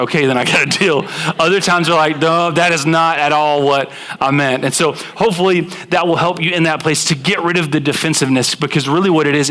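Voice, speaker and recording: Young guy pastor talking to his church, kinda high voice, jumps way up when he acts out couples. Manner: conversational and animated, acting out quoted couples in raised voices. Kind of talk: sermon. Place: church sanctuary with live congregation.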